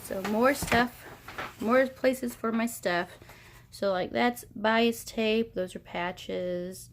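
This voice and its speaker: A woman's voice: fairly high pitch, slow, slight background noise. A woman in her thirties or forties, a sewing vlogger, giving a chatty, rambling tour of her small home sewing room while filming on her phone. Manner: chatty, rambling, self-deprecating. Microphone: phone held at arm's length.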